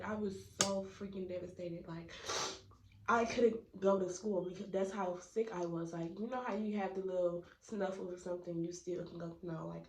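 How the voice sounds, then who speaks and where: An eighteen-year-old woman tells a casual storytime, chatting freely with lots of fillers and talking right at her viewers. Her voice sits some way from the mic and bounces around a bare, echoey room. A steady hiss of noise runs under everything. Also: mid-range voice, distant mic. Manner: chatty, filler-heavy, addresses viewers as y'all. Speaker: vlogger.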